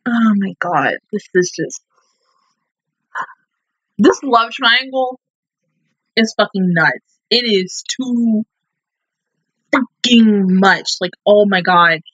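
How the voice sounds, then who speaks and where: A woman's voice: medium pitch, slow pace, pauses often, a bit bright, slightly rough, highs cut off. A woman hosting an anime reaction video, rambling emotionally in casual commentary and swearing freely.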